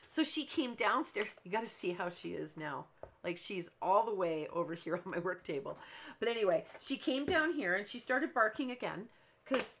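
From her home craft room, a woman hosts a cardmaking livestream, her medium-pitched, slightly bright voice lively at a moderate pace, with a little hiss or hum. She chats as she works, telling long, rambling stories and laughing often.

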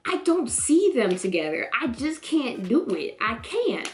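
A woman chatting casually in a vlog, reacting to a TV show with animated, slangy talk. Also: on the high side, a little slow, faint music behind. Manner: animated, expressive, jumps into voices of characters.

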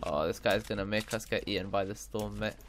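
Brief: young male gamer, rapid, low-ish voice, mock-naive teasing banter on a headset. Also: fairly even intonation, very noisy. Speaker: YouTuber trolling a hired player. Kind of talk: casual gaming banter. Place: home bedroom.

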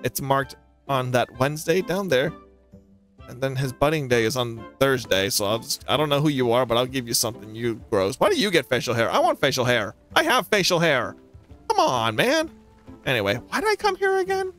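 A man doing a gaming let's play, chattering to himself with jokey, excitable commentary. His voice sits at a middling pitch, with faint music running underneath. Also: normal speed. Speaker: gaming channel host.

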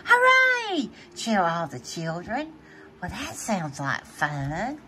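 A woman reading a children's picture book aloud, playful and animated, laughing often between pages. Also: on the low side, slow, noisy background. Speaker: storybook reader.

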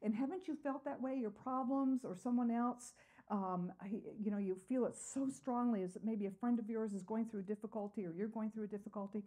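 A woman's voice: on the high side, fairly even intonation, fairly quick, dark tone. A woman teaching a Bible study lesson, asking her class questions and answering them herself, earnest, with frequent "uh" fillers.

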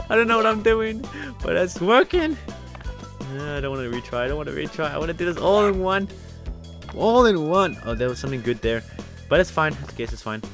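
A man giving playful let's-play commentary at a desk mic, giggling and shouting with excitement as he plays. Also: fairly high pitch, brisk, creaky, over music. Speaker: gaming youtuber. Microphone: desk microphone with headphones.

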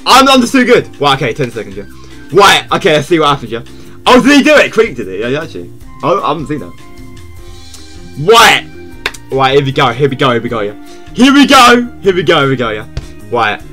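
A male game streamer with a fairly high, bright voice, talking straight to his chat and tagging almost every phrase with "yeah?". His pitch swings widely, and he breaks into shouts when caught off guard. Faint music plays under his talk. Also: a little fast, long pauses. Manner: excitable, shouts when surprised. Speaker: live streamer. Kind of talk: casual live gaming stream chat.

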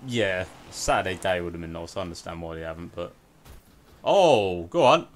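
A man commentating an online racing game with a friend, laughing, swearing and shouting at crashes. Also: low-pitched, lively intonation, normal speed, slight background noise. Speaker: gaming channel host. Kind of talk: excited gameplay commentary with a friend.

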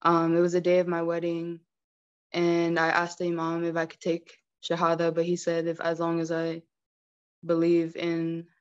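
A woman speaks politely and a little hesitantly over a video call. Her voice is low and flat, and the call audio sounds dull and lo-fi. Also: normal speed, clear, resonant tone. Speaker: convert taking shahada.

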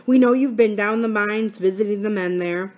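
A woman's voice: medium pitch, normal speed, darkish tone, close to an everyday voice. A woman voicing an earnest, anxious schoolboy in a storybook reading. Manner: earnest, pleading.

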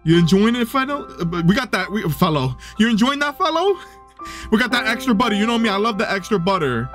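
Young male gaming host, high lively voice, excitable and chatty, home desk mic, soft game music underneath. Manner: excitable, coos and gasps, chatty asides. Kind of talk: let's play commentary.

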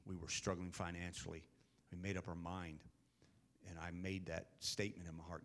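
Man pastor, fifties, deep voice, earnest sermon storytelling. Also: fairly even intonation, fairly quick. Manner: earnest storytelling that builds to loud preaching.

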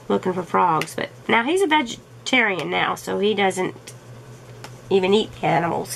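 A woman's voice: mid-range voice, creaky, slight background noise, low-quality recording. A middle-aged woman chatting casually to her viewers as a crafting vlogger, amused and full of rhetorical questions. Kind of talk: casual chat.

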